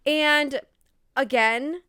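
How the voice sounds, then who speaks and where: A young woman co-hosts a podcast, chatting animatedly about a movie while laughing and swearing casually. Her voice sits high, bright and forceful, and she speaks extremely slowly. The sound is dry, clean studio audio.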